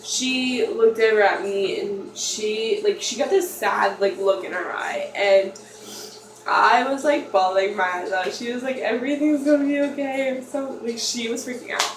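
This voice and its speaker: A woman's voice: mid-range voice, a little slow. A young woman vlogger telling a personal story in a rambling, confessional way, full of fillers and restarts. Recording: echoey room, mic far off, faint noise.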